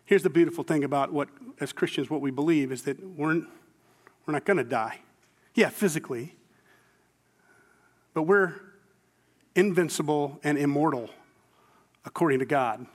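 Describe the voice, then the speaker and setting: A man's voice: a little high, normal speed, long pauses. A male pastor preaching a conversational sermon in a church sanctuary, telling stories informally with self-deprecating humor. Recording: long hall reverb.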